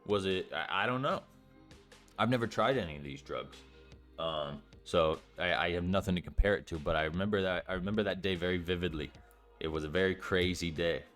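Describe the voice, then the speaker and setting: A man's voice: low voice, fairly quick, a bit bright, soft background music. A young man telling a story in a casual vlog, rambling with lots of fillers and swearing freely. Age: young adult. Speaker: storytime vlogger.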